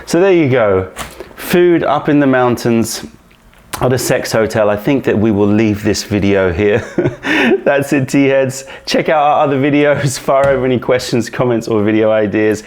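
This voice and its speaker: A playful man hosts a rough outdoor vlog on a mountain trip, his voice sitting at a middling pitch. He chats casually and keeps restarting his lines to camera. The sound is taken outdoors with a small mic near the camera. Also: moderate pace, a little mellow. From England. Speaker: tea company host. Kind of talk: casual behind-the-scenes vlog.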